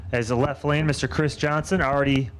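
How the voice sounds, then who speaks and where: A man calling drag races and making track announcements, brisk and dryly teasing his co-announcer. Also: medium pitch, fairly even intonation. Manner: brisk, dry, teasing banter. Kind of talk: race commentary and track announcements.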